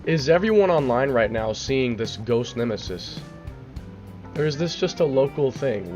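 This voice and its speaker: A man's voice: medium pitch, expressive, measured pace, darkish tone, dull audio, faint music behind. A young man streaming a game live, baffled and swearing, repeating himself, his voice cracking and cutting out.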